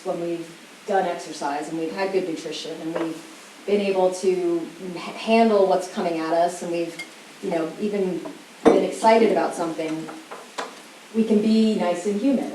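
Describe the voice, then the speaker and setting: Woman, parenting talk, animated, acts out kids, roomy room, distant mic, faint hiss. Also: lowish voice. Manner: animated, acts out children's voices. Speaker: parenting educator. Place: school event room. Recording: roomy hall sound from far off, faint hiss.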